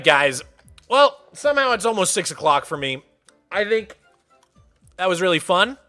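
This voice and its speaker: A man streaming a game live, chatting casually and playfully with viewers, laughing often and greeting newcomers by name. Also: on the high side. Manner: soft baby talk to his cat. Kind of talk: casual livestream chat.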